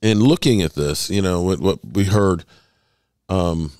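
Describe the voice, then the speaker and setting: Sports podcast host, man, deep voice, emphatic commentary, drawn-out stresses, dry mic. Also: darkish tone, clear, resonant tone, dry recording. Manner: emphatic, stretches words for emphasis. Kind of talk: solo commentary.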